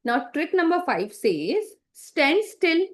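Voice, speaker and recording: Higher-pitched woman teaching an online class. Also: very animated, takes it slowly. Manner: explains with frequent fillers and check-in questions; acts out bad examples to demonstrate.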